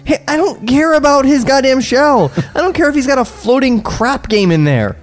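A man's voice: very high-pitched, lively intonation, normal speed, soft background music, voice pushed up. A glum young soldier, read by a man at a table read answers curtly and grumbles. The voice is ordinary and close to the man's own. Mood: irritated. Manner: curt, grumbling.

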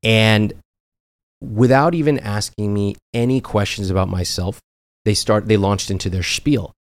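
A man's voice: lowish voice, unhurried, no room sound. A man who is a personal finance author, a guest on a podcast, speaking bluntly and with some profanity while acting out the voices of people he quotes. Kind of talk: animated podcast conversation.

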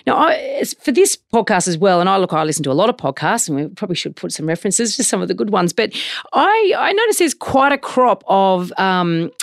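A middle-aged woman who hosts an interview podcast and asks long, chatty, animated questions. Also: mid-range voice, a little fast, vocal fry, no echo, clean studio sound. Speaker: podcast host.

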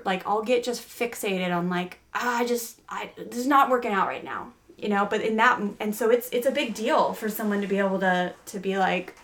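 A middle-aged woman hosting a parenting podcast, telling a family story in a chatty way with many fillers and restarts. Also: mid-range voice. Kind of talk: casual podcast chat.

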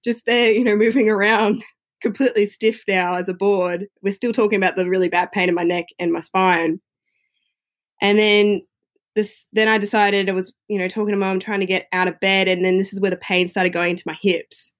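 A woman recounts a personal story in a relaxed, conversational flow. Her voice sits at a middling pitch, and she sprinkles her talk with easy fillers. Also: brisk. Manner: chatty, frequent "you know" fillers.

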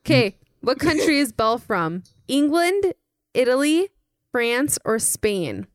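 A woman's voice: high voice, sing-song, slow, no room sound, clean studio sound. A woman hosting a casual family trivia chat, playfully reading out multiple-choice questions to her children. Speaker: podcast host quizzing her kids.

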